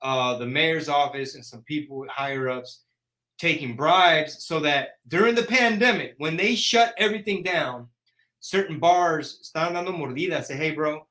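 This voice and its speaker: A man's voice: a little high, moderate pace, pushed and bright. A man, hosting a casual live chat in a brash, joking rant. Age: 40s. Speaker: host.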